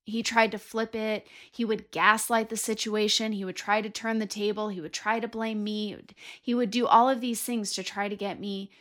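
A middle-aged woman hosts a Christian teaching talk, telling a story from her own life. Her voice is bright and forward. She acts out her own prayers with earnest feeling. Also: mid-range voice, flat delivery, normal speed, hardly any pauses. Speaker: podcast host.

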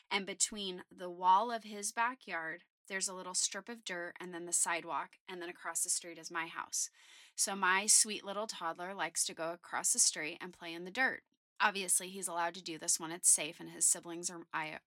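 A woman in her thirties hosting a faith podcast, telling a personal story in a chatty, candid, animated way. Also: on the low side, no room sound, studio quality. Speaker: podcast host.

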